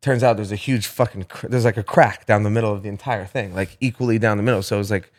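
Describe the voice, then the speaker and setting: A man's voice: fairly low pitch, steady tone, fast talker. A young man telling a story to his friends in casual chat, full of swearing and filler words.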